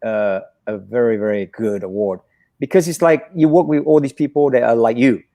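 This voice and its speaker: A man's voice: mid-range voice, moderate pace. A man, a stunt coordinator guest, telling stories in a casual interview and acting out what people said. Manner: animated, acts out quotes.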